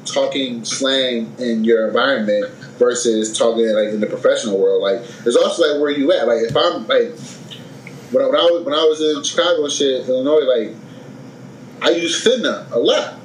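A man's voice: medium pitch, moderate pace. A man with a Philadelphia accent in casual chat, arguing bluntly and swearing freely. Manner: blunt, profane, animated arguing. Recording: echoey room with faint noise.

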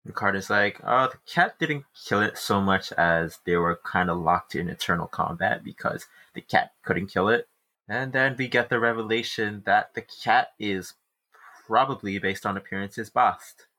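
A man co-hosting a casual book-club podcast, animatedly retelling chapters with quick restarts. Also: fairly low pitch, sharp tone. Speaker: podcast co-host.

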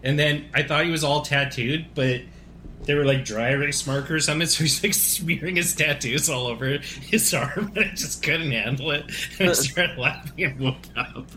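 Podcast cohost guy, bright voice, giggles through his stories. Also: on the high side, normal speed, a little hiss or hum. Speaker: podcast co-host. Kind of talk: casual chat.

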